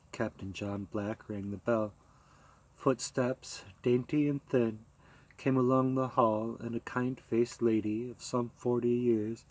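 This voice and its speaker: A man narrates a short story as an audiobook. His reading stays calm and measured, at a middle pitch. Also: rough recording.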